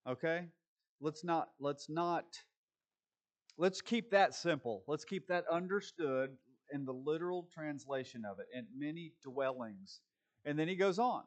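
Slow, chatty man preaching a sermon. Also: a little high, animated. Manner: folksy, chatty, with frequent fillers and restarts. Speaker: pastor. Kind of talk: conversational sermon.

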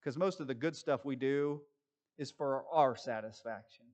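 A man preaching a sermon, moving between quick conversational asides and slow, deliberate scripture reading. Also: medium pitch, a little mellow. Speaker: pastor.

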